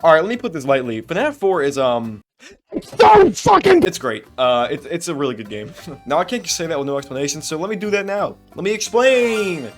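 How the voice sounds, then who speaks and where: A man's voice: a little high, fast talker. Young man ranting animatedly about a game. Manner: animated ranting with swearing and laughter. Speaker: gaming video creator. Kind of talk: game review commentary. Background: soft background music.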